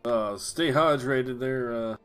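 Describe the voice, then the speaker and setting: A man's voice: mid-range voice, slow pace, fairly bright tone, clear, resonant tone, soft background music. A man player talking hesitantly with many fillers in casual tabletop game chat.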